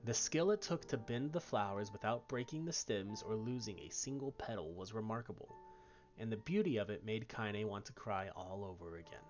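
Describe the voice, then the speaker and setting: A man streamer reading story text aloud in an expressive way. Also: lowish voice, moderate pace, muffled recording, faint music behind.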